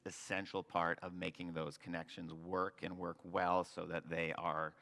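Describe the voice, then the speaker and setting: Low bright-voiced guy giving a slide talk, echoey hall. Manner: earnest, restarts and explains with analogies. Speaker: presenter, local developer. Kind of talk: slide presentation to an audience. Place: meeting hall with audience. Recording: long hall reverb.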